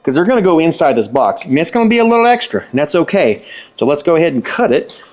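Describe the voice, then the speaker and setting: A man's voice: a little high, big pitch swings, fast, darkish tone, a little hiss or hum. Folksy man teaching electrical wiring. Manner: folksy, repeats himself for emphasis. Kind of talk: casual hands-on tutorial.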